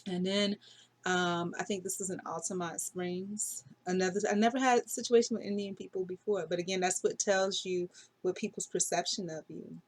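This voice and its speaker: A woman's voice: fairly low pitch, steady tone, normal speed. A middle-aged woman talking casually through her dreams in a rambling, unsure way, full of fillers and self-corrections. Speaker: dream vlogger. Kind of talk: casual dream diary monologue.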